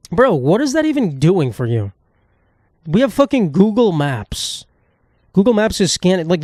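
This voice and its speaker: A man's voice: a little high, a little mellow, no room sound, clean studio sound. Profane, rambling young man hosting a podcast. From United States. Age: 20s. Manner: profane, rambling, sarcastic, with sudden jumps into silly put-on voices. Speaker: podcast host. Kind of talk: solo comedic podcast rant.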